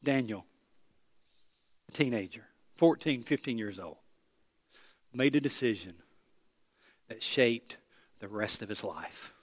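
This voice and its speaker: A pastor, from East Tennessee, preaching a sermon with animated storytelling, self-deprecating humor and emphatic repetition. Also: male voice, mid-range voice, takes it slowly, pauses often, dry recording, studio quality.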